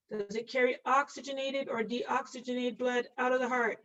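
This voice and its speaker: With a bright-ish, higher-pitched voice and fairly even intonation at normal speed, a nursing instructor gives an online lecture while drawing. She's playful and self-deprecating about her art and quizzes students by name, though the audio is distant, dull and lo-fi.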